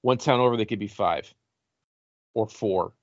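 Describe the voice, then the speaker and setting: A man's voice: on the low side, moderate pace, no echo. A middle-aged man hosting a casual podcast chat, rambling and swearing freely as he tells stories. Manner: rambling, swears freely, laughs at own jokes. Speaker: podcast host. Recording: dull lo-fi podcast mic.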